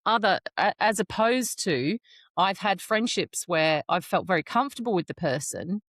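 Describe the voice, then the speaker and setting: A woman's voice: mid-range voice, expressive, moderate pace, a bit bright, no room sound, clean studio sound. A middle-aged woman, co-hosting a casual podcast chat, talking frankly and acting out her own inner thoughts. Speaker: podcast co-host.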